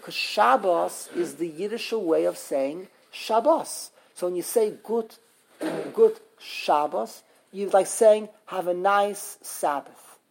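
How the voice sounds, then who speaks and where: A woman with a husky, slightly breathy voice leads a classroom lesson on Hebrew grammar. She talks emphatically, repeats her points, and sounds out words slowly, one syllable at a time. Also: lowish voice, a little mellow, rough recording.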